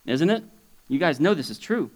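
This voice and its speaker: A male pastor delivers a sermon at normal speed in a sing-song, conversational way. Loud, high exclamations give way to quiet, low asides, and he chuckles frequently between points.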